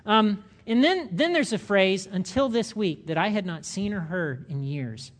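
An older man preaching a sermon, animated, acting out the voices of the people he quotes. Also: high-pitched, measured pace. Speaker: pastor.

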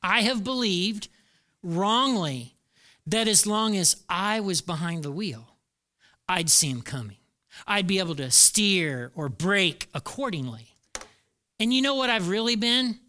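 Bright, smooth-voiced male pastor preaching. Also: high-pitched, expressive, a little slow. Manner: conversational preaching, repeats key phrases for emphasis. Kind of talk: sermon.

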